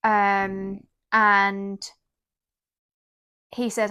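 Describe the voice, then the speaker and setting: A podcast co-host casually retells a novel's plot in casual book chat, quoting its characters along the way. Her voice is medium-pitched and fairly bright, with fairly even intonation and a normal speed.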